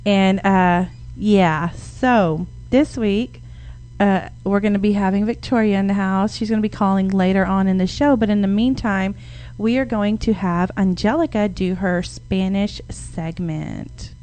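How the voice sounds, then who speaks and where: A woman's voice: medium pitch, steady tone, unhurried, darkish tone. A woman co-hosting an internet radio show, speaking casually and upbeat, cheering her guests on. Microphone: studio microphone.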